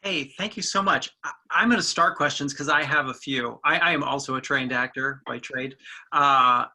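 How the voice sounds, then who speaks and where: A man hosting the question round of an online webinar, asking friendly follow-up questions. His voice is mid-pitched and very bright and sharp. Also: moderate pace. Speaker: webinar moderator. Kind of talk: moderated Q&A.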